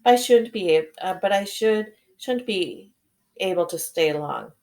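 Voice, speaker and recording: A woman's voice: medium pitch, expressive, a little slow, darkish tone. A woman voicing a curious young schoolgirl who sounds earnest and a little puzzled.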